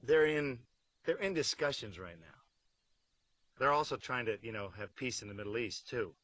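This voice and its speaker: A middle-aged actor in a behind-the-scenes interview, joking wryly with deadpan asides. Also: male voice, medium pitch, moderate pace, dry recording, rough recording. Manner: acts out silly voices mid-story.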